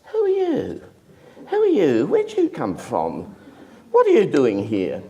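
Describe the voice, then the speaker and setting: A man's voice: on the high side, huge pitch swings, slow, mellow, heavily acted. A man doing a sardonic older painter holding court. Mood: suspicious. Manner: sarcastic, imperious.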